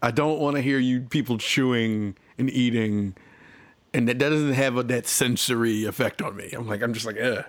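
A man's voice: mid-range voice, moderate pace. A young man co-hosting a casual gaming podcast, rambling loosely and laughing often. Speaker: podcast co-host. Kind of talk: casual chat.

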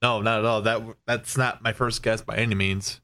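A man's voice: lowish voice, level tone, moderate pace, sharp tone. A man co-hosting a podcast in casual chat, laid-back and fond of puns. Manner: laid-back, joking, punny. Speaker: podcast co-host.

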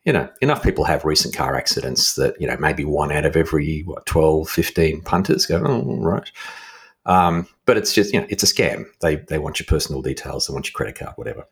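An Australian man, a middle-aged author, casually telling an animated story and laughing often. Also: quick pace, hardly any pauses, slightly rough. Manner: animated anecdote-telling, laughs often, lively swings into high quoted voices. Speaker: author guest.

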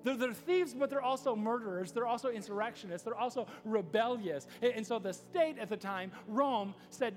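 A man's voice: very high-pitched, normal speed, hardly any pauses. A pastor giving a casual, story-driven sermon, acting out the quoted lines as he goes. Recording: long reverb of a hall, faint music.

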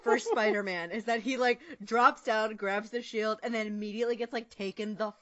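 A woman's voice: on the high side, no echo, lo-fi sound. A young woman chatting casually as a podcast co-host, giggly and gushing, with lots of fillers. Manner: giggly, quick, gushing fan talk with many fillers. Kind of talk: casual chat.

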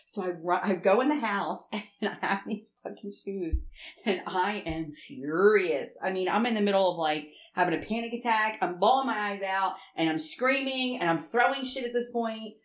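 A woman telling a rambling story in casual chat, animated and swearing often. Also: medium pitch, normal speed. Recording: roomy echo.

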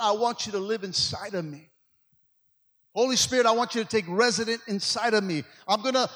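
This pastor's voice is high and fairly bright as he delivers a sermon, calling out "amen" and "come on" again and again to his flock. The church sanctuary gives the recording a long, hall-like reverb.

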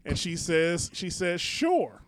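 A man's voice: high-pitched, lively intonation, brisk, no room sound. A man co-hosting a comedy podcast, rambling and self-deprecating, swearing freely. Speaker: podcast co-host. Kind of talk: casual comedy chat.

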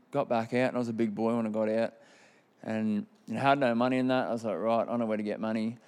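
A man's voice: lowish voice, darkish tone, smooth. A man in his thirties with an Australian accent, telling his personal testimony in a candid, rambling way with many fillers. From Queensland, Australia. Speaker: testimony speaker.

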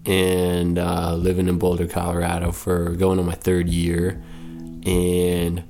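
A storyteller guest in his late twenties, this man tells a personal story in a laid-back, rambling manner, correcting himself along the way. His voice is low-pitched, monotone and dark in tone, and he takes it slowly.

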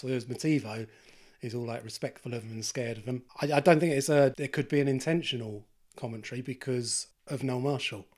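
A man with an ordinary mid-pitched voice talks films in a casual podcast chat. He thinks aloud, asks the others questions and drops wry remarks. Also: a little mellow. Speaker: podcast co-host.

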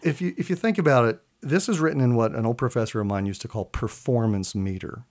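Male scholar guest, middle pitch, chatty explainer who slips into slow drawn-out verse reading. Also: darkish tone. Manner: reads Middle English verse slowly with long held vowels. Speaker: literature professor guest. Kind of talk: animated explanatory chat with recitation.

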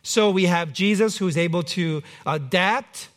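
Male pastor, high voice, relaxed conversational sermon with dry humor. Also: a little slow. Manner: conversational preaching with light humor.

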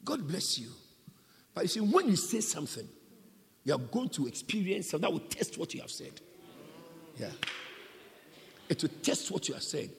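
A man preaching a sermon as a pastor, impassioned, surging from hushed lines to shouts. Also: on the high side, big pitch swings, normal speed, gravelly, pauses often, long reverb tail.

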